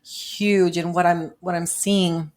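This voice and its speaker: A woman hosts a casual podcast interview, speaking emphatically and affirming her guest. Her voice sits a bit lower than most women's. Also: level tone, slow. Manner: warmly emphatic, affirming, talks in spiritual terms. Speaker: podcast host.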